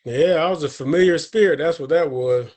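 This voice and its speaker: A man's voice: a little high, a little fast, a little mellow. A man hosting a casual podcast chat, affirming his guest with religious remarks. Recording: noisy background.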